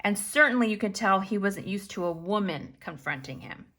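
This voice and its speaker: A woman's voice: medium pitch, normal speed. A woman hosting a planning channel, telling a chatty story and acting out the dialogue. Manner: animated storyteller who acts out quoted dialogue.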